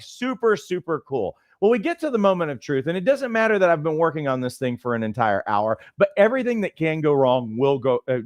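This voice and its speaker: A middle-aged man and life coach trainer who teaches through animated, conversational personal stories. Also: on the high side, no room sound, clean studio sound. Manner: conversational, lots of fillers and restarts, animated storytelling.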